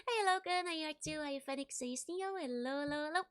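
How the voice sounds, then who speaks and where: A woman's voice: high-pitched, brisk, a bit bright. A young woman streaming, chatting casually with viewers, giggling often and repeating her greetings.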